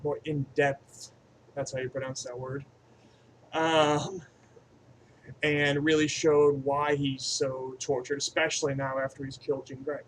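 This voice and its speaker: A man's voice: medium pitch, little pitch movement, measured pace, a little hiss or hum, poor audio. A man giving an off-the-cuff movie review, profane and rambling, swinging between enthusiastic bursts and mumbled asides. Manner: crude and profane, rambling aside-heavy delivery.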